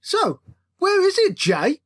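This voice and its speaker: A woman's voice: very high voice, wildly swooping pitch, takes it slowly, pitched above the performer's own voice, exaggerated voice. Woman doing a snappy Brummie barman. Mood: eager. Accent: Birmingham. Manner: sniping, offhand. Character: lazy, snappy young man, a scruffy barman.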